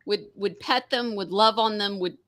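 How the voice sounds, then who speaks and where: A woman's voice: mid-range voice, moderate pace, fairly bright tone. A woman co-hosting a casual chat show, teasing and laughing often. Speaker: co-host.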